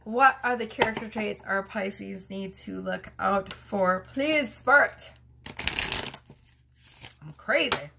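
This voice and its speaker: A woman's voice: medium pitch, measured pace, vocal fry, few pauses, background noise. A woman doing a casual tarot reading, chatty and prone to fits of laughter. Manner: giggly, chatty, laughs through her words. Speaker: tarot reader.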